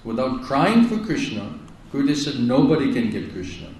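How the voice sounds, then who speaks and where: A man's voice: mid-range voice, sing-song, moderate pace, darkish tone, a little hiss or hum. A man giving a devotional lecture, emphatic and repetitive, often asking "isn't it?". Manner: emphatic, repeats phrases, asks "isn't it?". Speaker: spiritual teacher. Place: lecture hall in India. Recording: echoey hall, heard from a distance.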